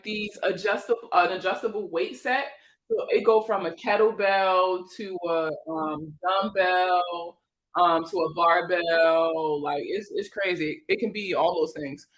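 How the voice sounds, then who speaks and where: Host, female, 30s, Maryland accent; bright voice, laughs easily, loose and talkative. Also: on the low side, low-quality recording. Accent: Prince George's County, Maryland. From Maryland, USA. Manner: laughs a lot, chatty and joking. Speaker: host of a credit advice livestream. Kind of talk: casual livestream chat.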